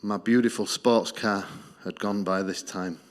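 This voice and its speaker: A middle-aged Australian man giving a missions testimony in church, telling his story earnestly and dropping low and soft on key lines. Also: fairly even intonation, measured pace. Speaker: missions speaker.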